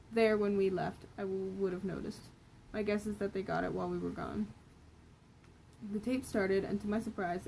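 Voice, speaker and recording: A woman's voice: medium pitch, warm tone, slight background noise, poor audio. A young woman casually reading her own old story aloud, often correcting herself and commenting on the writing.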